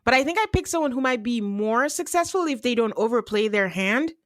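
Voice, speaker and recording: A woman hosting a podcast, chatting casually with a wry edge and frequent laughter. Her voice sits somewhat high. The recording is close and dry. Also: lively intonation, brisk, no room sound. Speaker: podcast host. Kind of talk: casual chat.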